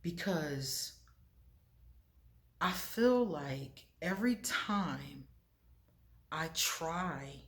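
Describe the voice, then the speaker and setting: Animated, laughing woman vlogger. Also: low-pitched, extremely slow, long pauses. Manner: animated and confiding, laughs often, talks to viewers as y'all. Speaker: spiritual vlogger. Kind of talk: casual chat to the camera.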